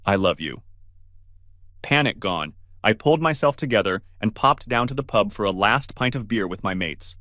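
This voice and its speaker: Voicing all the characters on his own, a man narrates a first-person story, pitching up for alarmed questions. He's animated and brisk with few pauses, his tone pushed and bright, recorded cleanly in a studio without echo.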